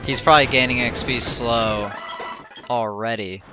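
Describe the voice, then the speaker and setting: Young male streamer, sleepy, rambling chat full of fillers, mid-pitched, game music loud behind. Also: steady tone, unhurried. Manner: rambling, thinking aloud with many fillers. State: tired and yawning. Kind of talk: casual gameplay livestream chat.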